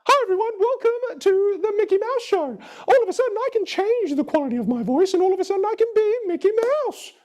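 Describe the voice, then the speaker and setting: A bright, bouncy cartoon mouse with a very high squeaky falsetto. He sounds upbeat and friendly, the way a children's cartoon host greets the audience. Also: animated, fast, hardly any pauses. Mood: cheerful.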